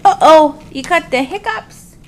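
A woman's voice: high-pitched, lively intonation, a little slow. A woman filming her toddler at dinner with a handheld camera, coaxing him in playful, sing-song baby talk.

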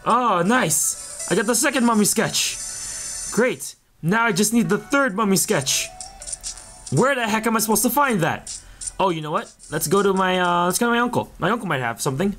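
A man's voice: high-pitched, lively intonation, moderate pace, fairly bright tone, soft background music. A man giving casual, giggly commentary while playing through a video game and reading its dialogue aloud. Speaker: let's play gamer.

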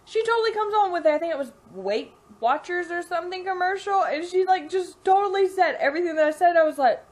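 A woman's voice: very high-pitched, expressive, fast, a little mellow. A woman with a Southern US accent, chatting to camera in a home vlog in a rambling way, full of fillers. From Mississippi, US. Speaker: vlogger. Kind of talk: casual chat to camera. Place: home kitchen, indoors.

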